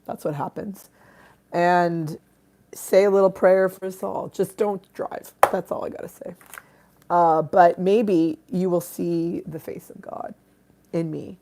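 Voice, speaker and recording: This is a woman on a casual live stream, chatting to her viewers while she eats and sips a drink. Her voice sits low with a gravelly edge. She swears freely and pokes fun at herself in a loose, irreverent way. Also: unhurried, dark tone.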